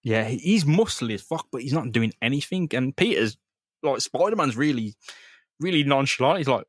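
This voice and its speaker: Animated swearing podcast guy. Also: medium pitch, moderate pace, no room sound, clean studio sound. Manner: animated, swears freely, acts out quotes. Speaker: podcast co-host. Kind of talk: casual comic-book recap chat.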